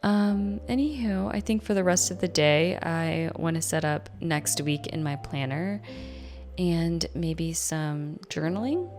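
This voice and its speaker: A woman's voice: deep voice, slow pace, darkish tone, soft background music. A young mother in a groggy morning voice, chatting casually about planning as a vlogger. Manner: rambling, chatty, with fillers. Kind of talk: casual chat.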